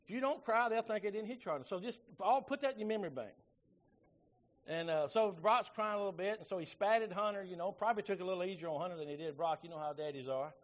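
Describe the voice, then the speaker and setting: A man's voice: sits high, quick pace, lo-fi sound. A middle-aged man, preaching a sermon in a folksy storytelling way. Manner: folksy storytelling with Southern phrasing. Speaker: pastor.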